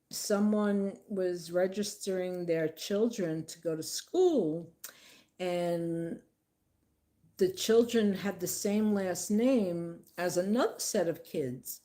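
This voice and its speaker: Chatty woman telling family stories. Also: fairly low pitch. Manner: chatty, laughing, acts out quotes in lively voices. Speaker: vlogger. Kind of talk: casual storytelling monologue.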